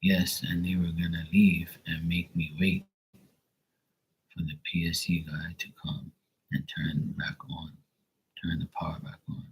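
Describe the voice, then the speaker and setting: A man's voice: sits low, level tone, a little slow, gravelly, slightly rough. A man hosting a live stream, chatting in a rambling, laid-back way and swearing often. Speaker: livestream host. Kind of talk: casual chat.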